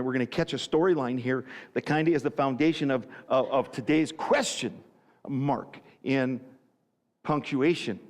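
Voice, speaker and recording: A man preaching a sermon as pastor, telling the story animatedly and often stammering over repeated words. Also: a little high. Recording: echoey hall.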